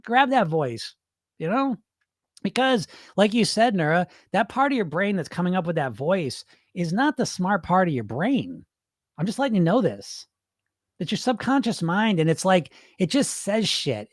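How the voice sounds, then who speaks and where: A weight-loss hypnosis coach hosts a live podcast on a wireless mic, speaking bluntly and profanely with pep-talk energy while reading viewer comments. His voice is a little high, in studio quality with no echo.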